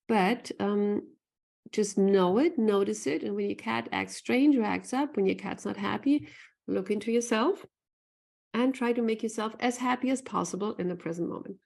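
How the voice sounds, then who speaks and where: A woman with a gravelly, fry-tinged voice at an ordinary pitch talks earnestly to a live online audience. She repeats her points and checks in with "right?" as she goes. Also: a little mellow. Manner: earnest, repeats phrases, often asks "right?". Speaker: animal communicator. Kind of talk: live online talk with chat.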